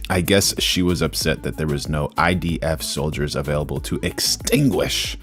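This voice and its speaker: A man with an extremely deep voice hosts a live stream, laid-back and quick to laugh as he reads out viewer comments. Faint music plays underneath. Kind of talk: casual live-stream chat.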